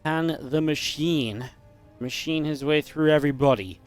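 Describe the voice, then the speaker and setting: A man's voice: fairly high pitch, smooth, faint music behind. Upbeat man casting a live esports match. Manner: chatty, upbeat, quick reactions. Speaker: esports caster. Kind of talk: live play-by-play commentary.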